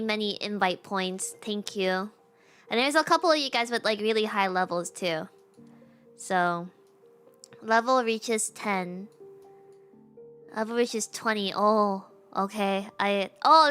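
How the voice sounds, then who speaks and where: A woman's voice: mid-range voice, sharp tone, clear, resonant tone. A young woman streaming a game, chatting casually and reading the story aloud with self-mocking asides.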